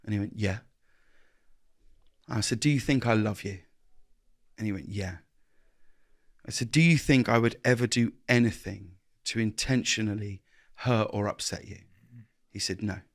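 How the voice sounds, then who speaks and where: A man's voice: fairly low pitch, normal speed, pauses often, no echo, clean studio sound. A man, a guest speaking earnestly in an interview, often restarting his sentences and acting out little exchanges of dialogue. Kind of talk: reflective interview conversation.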